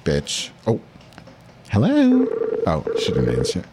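A man's voice: mid-range voice, wildly swooping pitch, slow, very noisy. A man hosting his own podcast, swearing constantly and insulting a caller in a crude, abrasive way. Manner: foul-mouthed, abrasive, mock-insulting. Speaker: podcast host. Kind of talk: crude profane call-in chat.

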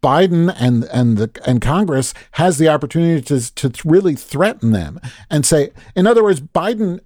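A man's voice: fairly high pitch, animated, normal speed, darkish tone, no room sound, clean studio sound. A man co-hosting a podcast, delivering a heated, profane rant in casual chat. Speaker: podcast co-host.

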